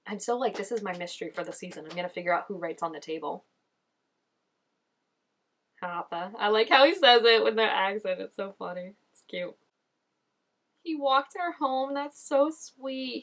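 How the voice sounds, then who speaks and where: A woman giving casual reaction commentary on a TV episode. She gushes and chats, fills her talk with "like" and "oh my gosh", and jumps up in pitch when excited. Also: moderate pace. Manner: gushing and chatty, full of "like" and "oh my gosh". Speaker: show reaction vlogger.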